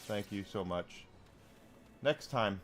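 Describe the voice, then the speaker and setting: A man's voice: on the low side, slow pace, a bit bright, slight background noise. A man streaming a video game, chatting casually with viewers and commenting on what he finds. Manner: chatty, talks to chat readers between game remarks.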